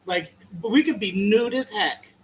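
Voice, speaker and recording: A woman's voice: medium pitch, measured pace. A guest drag artist chatting casually, rambling and easily distracted, calling people "honey" and "girl". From Maryland. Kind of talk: casual chat. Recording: faint background noise.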